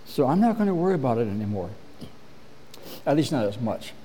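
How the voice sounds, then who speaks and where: A middle-aged man preaching a measured, earnest sermon as pastor, often clearing his throat. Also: medium pitch, sing-song, dark tone, slight background noise.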